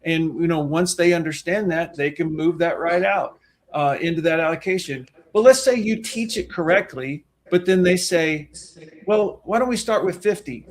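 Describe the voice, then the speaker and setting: A man's voice: fairly high pitch, normal speed. A man co-hosting a webinar as a financial planner, talking in an emphatic, folksy way. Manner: emphatic, folksy, talks with his hands on a soapbox. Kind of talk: webinar presentation.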